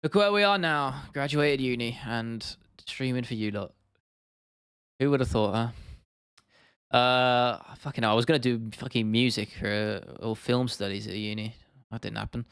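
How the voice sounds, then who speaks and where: A man's voice: medium pitch, a bit bright, clean tone, no echo. British guy in his 20s rambling on a stream, swears casually, dry close mic. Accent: British English. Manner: rambling, swears casually, reads and answers chat. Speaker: YouTube streamer. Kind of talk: casual live-stream chat.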